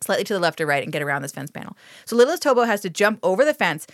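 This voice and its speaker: A woman co-hosting a casual podcast, telling the story of an old TV episode with frequent swearing and exasperated asides. Her voice sits at an ordinary middle pitch. The sound is close and dry, with no room around it. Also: sing-song, very fast, no echo. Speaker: podcast co-host. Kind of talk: casual chat recapping a TV episode.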